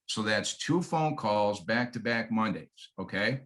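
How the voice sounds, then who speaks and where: A man's voice: fairly low pitch, lively intonation, a little slow, few pauses, a bit bright. A man who works as a real estate agent, teaching other agents how to win over sellers, acting out his phone scripts in a friendly, folksy way. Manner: folksy, coaching, repeats key points. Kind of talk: sales training talk with acted call scripts.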